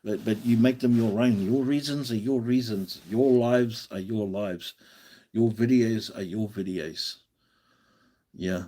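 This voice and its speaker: A man's voice: lowish voice, a little slow, warm tone. Aussie guy chatting on his live stream, giving pep talk advice, kinda rambly. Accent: Australian. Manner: encouraging, rambling, with restarts. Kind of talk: casual live stream chat.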